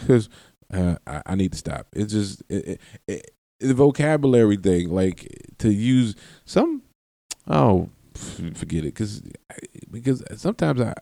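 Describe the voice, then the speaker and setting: Gravelly deep-voiced man rambling on a podcast. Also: a little mellow, no echo, studio quality. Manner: long-winded, self-interrupting, laughs and curses. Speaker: podcast host. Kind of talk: rambling solo podcast monologue.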